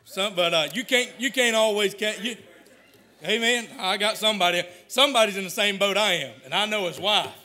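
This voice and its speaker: A man preaching a sermon. He repeats words and stumbles often, then builds to loud, shouted emphasis. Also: high voice, a little fast.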